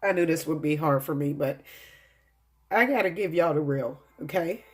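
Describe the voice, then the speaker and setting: An earnest tarot reader with a husky, breathy voice talks straight to the viewers, emotional and close to tears as the cards are read. Soft music sits faintly underneath. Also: mid-range voice, normal speed. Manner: earnest, addresses viewers directly; emotional, fights back tears. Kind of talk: spiritual tarot reading to camera.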